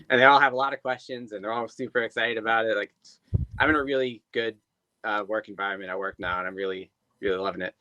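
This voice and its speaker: Podcast guest: young man, lowish voice with a bright edge, dry close mic, easygoing and quick to laugh. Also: fairly even intonation, no echo, poor audio. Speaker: podcast guest, pro wrestler. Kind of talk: casual interview chat.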